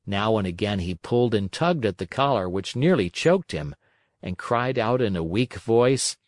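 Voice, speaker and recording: A man reading a children's classic aloud as an audiobook narrator, in a gentle, even storytelling manner. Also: on the low side, moderate pace, no room sound, studio quality.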